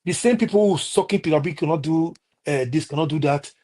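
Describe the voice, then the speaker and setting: A man with a Nigerian accent scolds his live-stream audience over politics, his heated delivery full of halts and restarts. The voice sounds a little high and a little mellow.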